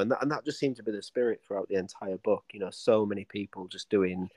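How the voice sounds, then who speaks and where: Man, lowish voice, rambling stories. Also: fast, hardly any pauses, a little mellow, no echo. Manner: rambling storyteller with many restarts, acting out quoted voices. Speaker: author and interview guest. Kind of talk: casual podcast interview.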